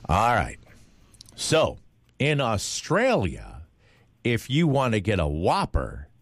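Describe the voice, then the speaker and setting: A man co-hosting a radio show, bantering in a jokey way with quick bursts of talk. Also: lowish voice, no echo.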